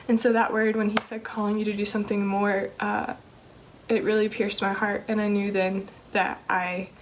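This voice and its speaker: A woman's voice: mid-range voice, slight background noise, poor audio. A young woman telling an earnest personal testimony about her calling, with many fillers and restarts. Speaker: teacher sharing a ministry calling testimony.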